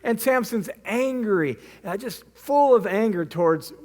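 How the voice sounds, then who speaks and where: A man's voice: high voice, animated, a little slow, darkish tone. A male pastor preaching a sermon, retelling a story vividly and acting out the characters' lines. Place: church.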